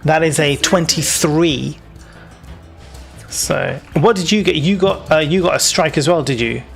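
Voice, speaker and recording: A man's voice: a little high, measured pace, creaky, soft background music. A man with a British accent running a tabletop game as game master, in a casual, chatty way with many fillers.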